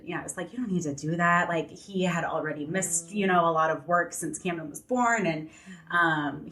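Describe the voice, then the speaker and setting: A woman's voice: sits low, fairly bright tone. A young adult woman, a podcast guest, telling a personal story candidly in conversation, filling her speech with "like" and "you know.".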